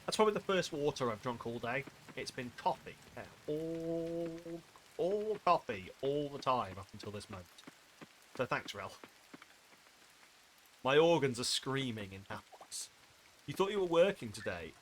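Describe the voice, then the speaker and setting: A man's voice: mid-range voice, very animated, moderate pace, a little hiss or hum. A man from near Wales chatting casually while playing a game on stream, muttering a running commentary with jokey self-deprecating asides. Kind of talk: casual live-stream gameplay chat.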